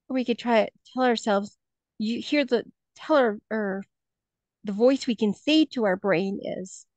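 A woman's voice: on the high side, moderate pace, no room sound. A woman who teaches third grade, presenting a lesson in a workshop, talking hesitantly with many fillers and restarts, heard over a video call.

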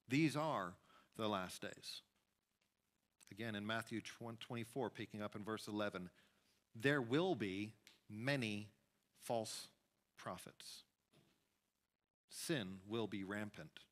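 A man preaching a sermon as pastor, emphatic, with sudden rises and hushed drops. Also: lowish voice. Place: church sanctuary.

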